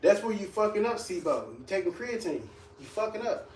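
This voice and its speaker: A man's voice: high voice, big pitch swings, a little fast. A man who trains people, reacting to live comments in a blunt, mocking and profane way. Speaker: fitness trainer. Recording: echoey room, distant mic, faint hiss.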